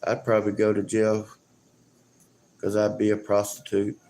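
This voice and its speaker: A man's voice: lowish voice, completely flat delivery, normal speed, warm tone. A man chatting casually and joking on a live stream, rambling and chuckling often.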